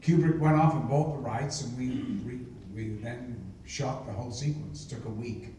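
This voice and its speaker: A man's voice: medium pitch, moderate pace, slight background noise. Older man spinning anecdotes, echoey hall. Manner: lively raconteur who acts out others' lines. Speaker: interview guest, actor. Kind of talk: anecdotal storytelling. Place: convention hall. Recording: echoey hall, mic far off, faint ambience.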